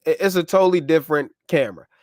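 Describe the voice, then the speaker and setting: A man's voice: a little high, fast, a little mellow, dry recording, clean studio sound. A man hosting a casual live stream, chatting loosely with viewers and reading out their comments, on a clip-on wireless mic.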